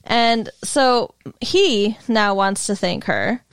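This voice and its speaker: A woman's voice: medium pitch, expressive, slow, clear, resonant tone, no room sound. Brief: female podcast co-host, casual and profane, dry close sound. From Michigan. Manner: retells the film plot, swears casually. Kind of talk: casual chat.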